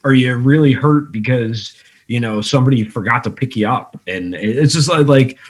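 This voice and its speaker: A man's voice: mid-range voice, normal speed. A man co-hosting a podcast, reflective and thinking aloud, often repeating words as he goes. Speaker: podcast co-host. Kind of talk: casual conversation.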